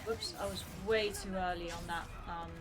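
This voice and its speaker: A young woman in her twenties chats casually on a game stream. She rambles with plenty of fillers and restarts. Her voice sits a little low for a woman. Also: fairly even intonation, normal speed, music in the background. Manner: chatty, rambling, many fillers. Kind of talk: casual gaming stream chat.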